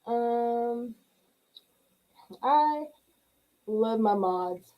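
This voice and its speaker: A woman's voice: a little high, expressive, very slow, highs cut off, faint music behind. A middle-aged woman hosting a livestream. She chats casually, laughs often and greets viewers by name as she reads their comments. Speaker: livestream host. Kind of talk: casual chat reading live comments.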